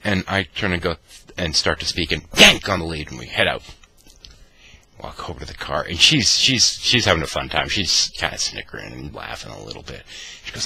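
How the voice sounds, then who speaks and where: A man vlogging, telling a wry personal anecdote in an animated, mock-dramatic way. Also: deep voice, fairly quick, creaky, slightly rough. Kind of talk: anecdotal storytelling.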